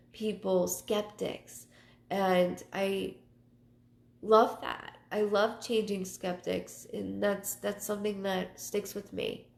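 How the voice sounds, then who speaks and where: A woman psychic medium hosting her live show, chatting casually and telling personal stories in a halting way, often repeating words. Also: mid-range voice, gravelly. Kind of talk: casual livestream talk. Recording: roomy echo.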